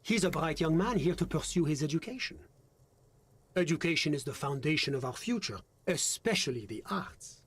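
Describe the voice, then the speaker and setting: A pompous, slippery gentleman in a video game who dodges every question with flowery talk. His voice sits a little high for a man. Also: expressive, moderate pace, slightly rough. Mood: evasive. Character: smug, evasive man smoking on a balcony.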